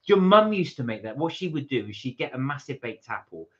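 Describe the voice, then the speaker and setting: A man's voice: mid-range voice, sing-song, brisk, fairly bright tone. A man co-hosting a casual live stream, reading viewer comments aloud and adding dry remarks. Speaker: co-host reading out live chat. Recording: slightly muffled lo-fi stream audio.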